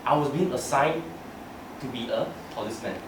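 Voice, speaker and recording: At a club meeting, a young man with a medium-pitched voice gives a brisk, humorous prepared speech, telling stories about himself and laughing through his lines. The recording is noisy and echoey, captured from far off.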